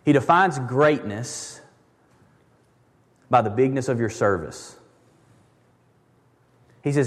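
A pastor preaching a sermon in a conversational, emphatic way, repeating words for stress. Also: male voice, mid-range voice, takes it slowly, pauses often, long reverb tail.

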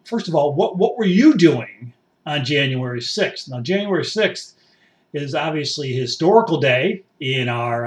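A man interviewing a guest in a satirical mock interview, asking long, rambling questions that he keeps restarting. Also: on the high side.

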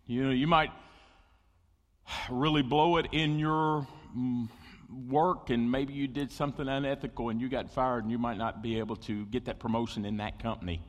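A man preaching a sermon as pastor, conversational and animated, with asides to the congregation. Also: mid-range voice, normal speed. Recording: long hall reverb.

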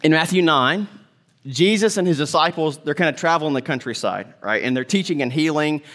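A male pastor preaching a sermon, animated, acting out quoted voices and dropping to soft, tender tones. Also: a little high, fairly quick.

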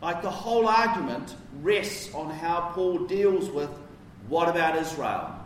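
A man's voice: on the high side, measured pace, slight background noise. A man preaching a sermon in a conversational, emphatic way, with casual asides. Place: church. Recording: roomy echo from a distance.

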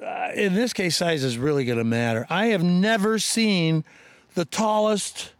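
A man co-hosting a casual on-site interview outdoors on a pumpkin farm, an animated and jokey storyteller. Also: sits high, unhurried, clean tone. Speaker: podcast co-host.

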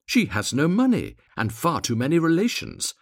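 A man's voice: on the high side, wildly swooping pitch, normal speed, dry recording, clean studio sound, voice pushed up, exaggerated voice. A man doing twittering, sniffy swallows. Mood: scornful. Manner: twittering, scornful. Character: gossiping flock of sniffy swallows.

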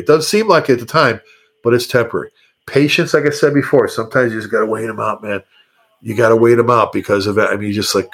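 A man who is a fire chief, giving leadership advice in a podcast interview. He talks in an animated, repetitive way and addresses listeners directly. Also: fairly low pitch, fast talker.

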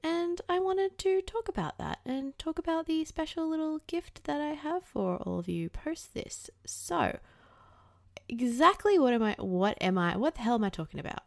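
A woman's voice: high-pitched, lively intonation, normal speed, gravelly, dry recording. Candid swearing woman podcaster, dry sound. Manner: candid, swears freely, chatty with many fillers. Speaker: podcast host. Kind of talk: casual monologue.

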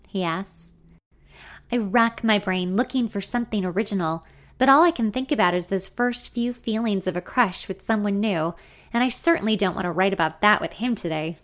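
A woman's voice: mid-range voice, normal speed, fairly bright tone. Woman narrating a confiding first-person story. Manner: intimate, confiding, wry.

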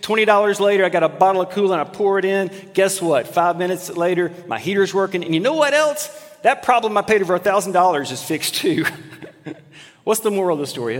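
A man preaching a sermon, telling stories with animated highs and dropping to a hushed, intimate voice. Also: brisk. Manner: storytelling, swings from animated to hushed. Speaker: pastor. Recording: long hall reverb.

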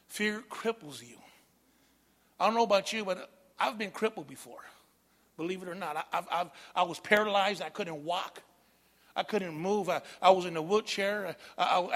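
Middle-aged male pastor with a high voice, animated call-and-response preaching in a reverberant hall. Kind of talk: sermon.

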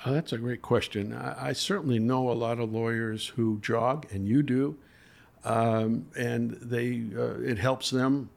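An older man with a gravelly, creaky edge to his voice, speaking as a guest in an interview. He tells courtroom stories in an earnest and emotional way, pausing often with small fillers. His pitch sits in the middle for a man. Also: steady tone. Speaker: trial lawyer guest. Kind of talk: storytelling in a podcast interview.

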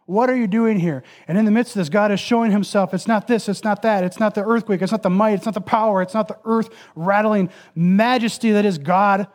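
A man preaching a sermon who builds long repeated lists of phrases and drops into a soft, near-whispered voice for emphasis. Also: high-pitched, fairly even intonation, brisk, few pauses.

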